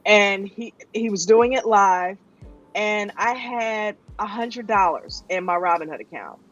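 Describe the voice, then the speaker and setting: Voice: medium pitch, unhurried, a bit bright, soft background music. A host in casual chat, telling stories in a chatty way and often checking in with "you know what I mean". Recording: dull lo-fi sound.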